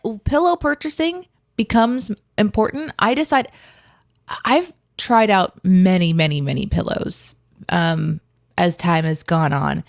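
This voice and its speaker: A woman's voice: on the low side, measured pace, creaky, no echo, clean studio sound. A woman co-hosting a live morning stream from home, chatting casually in a rambling way and laughing often. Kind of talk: casual chat. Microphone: desk mic on an arm with webcam.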